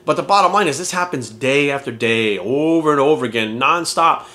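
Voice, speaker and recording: A man's voice: mid-range voice, lively intonation, a little fast, sharp tone. A man talking as a fitness coach in a casual vlog rant, blunt and heavy on swearing and rhetorical questions.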